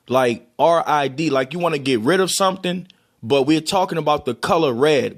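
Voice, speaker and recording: A man's voice: on the high side, moderate pace. A man from Baltimore with a Baltimore accent, casually explaining and demonstrating how words are pronounced, with loose restarts. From Baltimore, USA. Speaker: vlogger.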